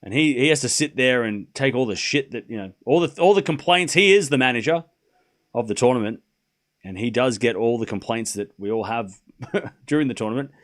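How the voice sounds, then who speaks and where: Hosting a tennis watchalong live, this man speaks in a brisk, expressive mid-range voice with a touch of brightness. Scores get tossed out offhandedly between laughing, talkative tangents, and he curses without restraint.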